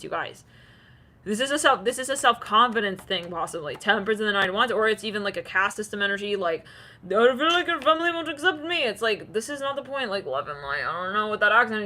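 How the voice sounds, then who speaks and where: Bright-voiced woman giving a rambling tarot reading. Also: medium pitch. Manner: rambling, filler-heavy, acts out quoted voices. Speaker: tarot reader. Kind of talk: casual channeled tarot reading.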